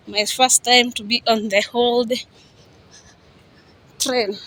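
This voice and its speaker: A woman vlogging on a handheld phone at a railway station and on board a train. She gushes with excitement and repeats herself often. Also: fairly high pitch, slightly rough. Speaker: travel vlogger. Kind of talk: casual vlog narration. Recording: noisy phone recording on the move.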